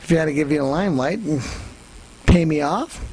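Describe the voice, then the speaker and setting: A man playing a loud, boastful elder brother in a comedic character rant, ranting as guest host. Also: a little high, fairly quick, slightly rough, voice pushed down, poor audio.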